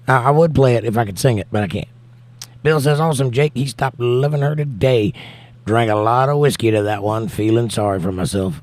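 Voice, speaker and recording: A man with a Southern US accent, hosting a casual livestream and reading chat messages aloud. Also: mid-range voice. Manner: reads chat messages aloud and answers them warmly. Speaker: livestream host and singer. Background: guitar playing.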